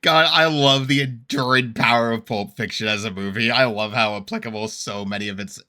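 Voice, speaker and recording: A man hosting a casual reaction video, rambling with frequent laughs, fillers and excitable, mock-indignant rants. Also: mid-range voice, a little fast. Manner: rambling, laughs often, heavy use of fillers.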